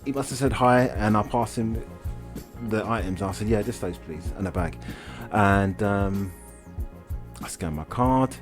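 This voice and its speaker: A man's voice: fairly low pitch, measured pace, over music. A man co-hosting a comedy podcast, telling a story in a laid-back way and acting out the quotes. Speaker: podcast co-host. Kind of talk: casual comedic chat.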